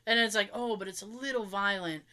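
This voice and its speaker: A woman in casual chat, talkative and quick to laugh, often restarting her sentences. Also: mid-range voice, crowd noise.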